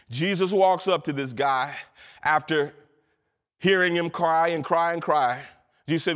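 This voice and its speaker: A man preaching an impassioned sermon as a minister, rising to shouts. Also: high voice, in a large hall. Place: church sanctuary.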